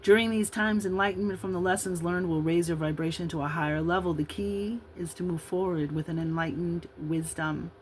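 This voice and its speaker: A woman's voice: lowish voice, steady tone, brisk, few pauses, a little hiss or hum, poor audio. A woman in her fifties from Illinois giving a casual tarot reading, chatting and rambling in asides between the cards she reads aloud. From Illinois, USA. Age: 50s. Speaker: tarot card reader.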